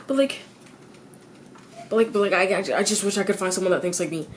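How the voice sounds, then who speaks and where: A teenage girl venting in a confessional vlog. She stops and restarts her sentences, repeats herself, swears freely, and her voice jumps high when she gets exasperated. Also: brisk, pauses often, a little hiss or hum. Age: teens.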